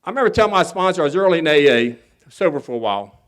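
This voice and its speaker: Talking very fast, with a fairly high, slightly bright voice and big pitch swings, a man shares his personal story as a guest at a recovery convention. He is folksy, candid, earnest and a bit humorous, and imitates others' voices when quoting them.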